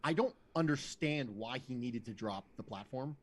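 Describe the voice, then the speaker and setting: A man's voice: medium pitch, lively intonation, normal speed. A man appearing as a guest on a football show, telling stories wryly and making fun of himself. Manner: wry storyteller, self-deprecating. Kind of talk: casual film breakdown chat.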